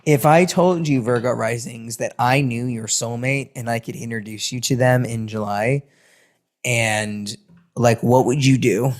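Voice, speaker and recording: A man giving a casual astrology and tarot reading, animated and sing-songy, swearing now and then. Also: mid-range voice, unhurried. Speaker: tarot reader.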